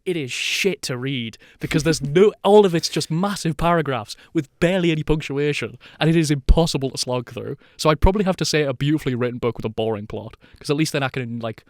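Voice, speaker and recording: A man's voice: a little high, quick pace, few pauses, dry recording, clean studio sound. A man co-hosting a podcast, swearing freely and laughing a lot in casual chat. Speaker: podcast co-host.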